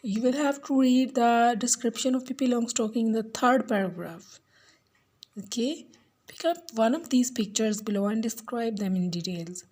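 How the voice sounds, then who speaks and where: A woman English teacher giving a recorded lesson, speaking slowly and deliberately and repeating each word for her pupils. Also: fairly high pitch, a little mellow.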